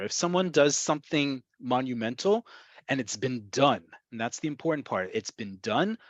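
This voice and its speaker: A man's voice: medium pitch, no room sound. A man teaching a webinar lesson on Hebrew expressions, explaining pronunciation and often checking in with "right?". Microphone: webinar computer mic.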